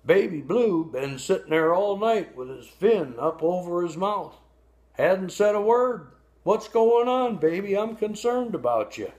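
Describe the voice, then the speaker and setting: A man's voice: sits high, lively intonation, unhurried, a little mellow. A man doing Clunker, an old fatherly catfish. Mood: concerned. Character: old male catfish, gentle and concerned.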